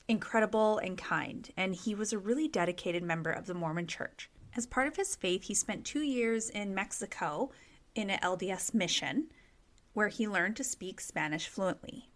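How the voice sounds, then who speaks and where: A woman hosting a true crime podcast, telling stories in a chatty, expressive way and leaning on casual fillers. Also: mid-range voice. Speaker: podcast host.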